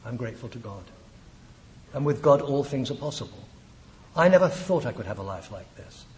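A man sharing his personal testimony at a recovery meeting, reflective and earnest, slowing down on his key words. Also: medium pitch, expressive, a little mellow.

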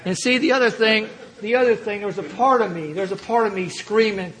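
Here a man shares his recovery story with a group, playing it for laughs and voicing the other characters himself. He talks fast and hardly pauses, in a high, creaky, husky voice with a slightly bright edge.

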